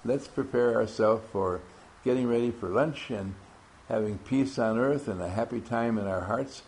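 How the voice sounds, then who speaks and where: Brief: gravelly-voiced man at mid pitch, a playful workshop leader doing roll call. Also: darkish tone. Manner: playful and teasing, drawn-out names. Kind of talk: classroom talk to a group.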